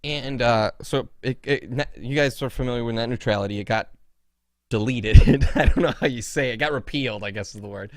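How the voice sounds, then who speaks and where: A man hosting a podcast in casual chat, excitable and mocking, laughing often. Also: medium pitch, a little fast, no echo, clean studio sound. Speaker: podcast host. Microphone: podcast mic with cord.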